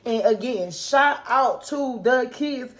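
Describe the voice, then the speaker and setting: A woman with a fairly high voice vents in an unscripted vlog monologue, speaking as a mother who speaks up for kids. She talks in a casual, slangy way and calls her viewers "y'all". Her delivery is impassioned and ranting, and she keeps firing off rhetorical questions. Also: slow pace, rough recording. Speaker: mother and kids' advocate.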